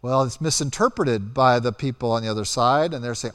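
A man preaching a sermon, telling the story with animated delivery and acting out quotes as he goes. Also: mid-range voice, fairly quick, hardly any pauses, long reverb tail.

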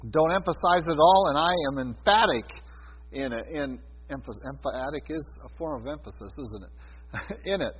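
A man preaching a sermon on prophecy, talking with many fillers, sometimes loud and sometimes soft. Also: on the high side, slightly rough. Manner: conversational teaching with many fillers and swings in loudness. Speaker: Bible teacher. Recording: dull sound with a long hall reverb.

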